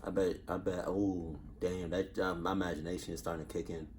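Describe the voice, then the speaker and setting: A man's voice: low-pitched, little pitch movement, brisk, a little mellow, slight background noise. A man hosting a reaction video, rambling casually, swearing, laughing and interrupting himself.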